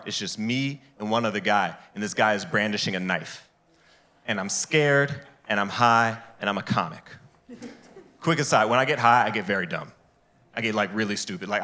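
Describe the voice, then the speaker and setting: On a comedy club stage with a live audience, a man does stand-up into a handheld microphone. Full of energy, he switches to squeaky, high-pitched character voices for the figures in his stories.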